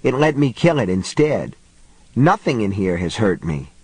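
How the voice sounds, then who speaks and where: A man's voice: lowish voice, very animated, moderate pace, breathy edge, no echo. A man voicing a frightened woman on the edge of hysteria, pleading in a raised voice. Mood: whispering.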